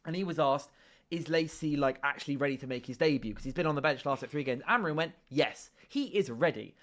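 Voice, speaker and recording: A man's voice: fairly high pitch, quick pace, fairly bright tone. A man hosting a football talk show, emphatic and repeating his points. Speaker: show host. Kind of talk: sports talk show discussion.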